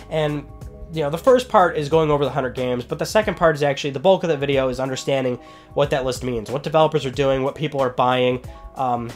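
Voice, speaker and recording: A young man from Western New York with a Western New York accent, hosting a weekly gaming news show in a chatty, upbeat way with lively asides. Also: on the high side. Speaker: host.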